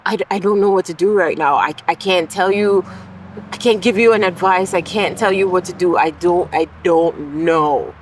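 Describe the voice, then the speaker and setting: A woman's voice: lowish voice, normal speed, a little hiss or hum, poor audio. A woman vlogger in a casual monologue, candid and reflective, talking through her feelings aloud with the odd swear word. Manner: occasional swearing.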